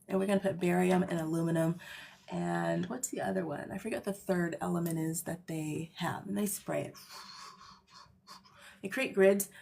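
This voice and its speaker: Woman host, casual livestream monologue; gravelly fry, animated, rambling, emphatic. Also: fairly low pitch, a little hiss or hum. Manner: rambling, emphatic, tags lines with "okay?"; animated, jumps between loud and hushed.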